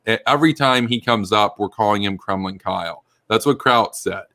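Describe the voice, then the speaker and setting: A man's voice: on the low side, normal speed, bright, forceful tone, no room sound, clean studio sound. A man hosting a political commentary chat, heated and ranting, swearing freely as he talks.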